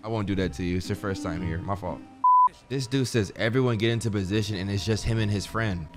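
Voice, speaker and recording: A man's voice: fairly low pitch, quick pace. A young man livestreaming a game, chatting casually in laid-back slang. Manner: laid-back, slangy, says bro a lot. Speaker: streamer. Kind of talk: casual gaming livestream commentary. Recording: game music playing behind.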